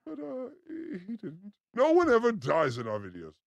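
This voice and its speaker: A man co-hosting a video reaction show in casual chat, given to loud excited outbursts and crude jokes. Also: very high-pitched, normal speed, creaky, no echo.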